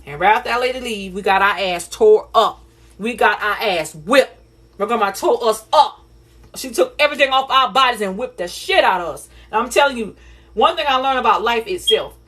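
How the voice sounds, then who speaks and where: A woman on a phone livestream, telling a painful personal story in a rapid, repetitive, earnest way. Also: on the high side, animated, a bit bright. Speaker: livestream host.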